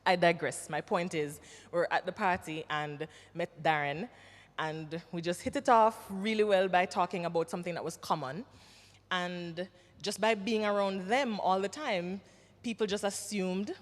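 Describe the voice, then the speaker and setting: A woman from Jamaica with a Jamaican accent, an actress answering questions at a symposium, telling her story with lively acted-out quotes. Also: medium pitch. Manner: animated storyteller, acts out quoted voices. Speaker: actress and guest speaker. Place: symposium hall. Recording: reverberant hall.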